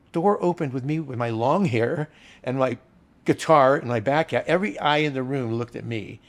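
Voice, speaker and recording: Being interviewed about the old days, an older bartender rambles through anecdotes in a casual, earthy way. There's a creaky, gravelly edge to his middle-pitched voice as the storytelling chat unfolds.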